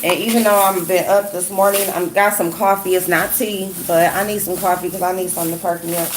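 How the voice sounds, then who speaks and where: Hoarse sick woman chatting casually. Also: lowish voice, fairly even intonation, fairly quick, background noise. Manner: greets viewers by name, chatty gossip with Southern slang. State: sick, hoarse voice with a runny nose. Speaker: YouTube commentary host. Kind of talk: casual livestream chat while doing makeup.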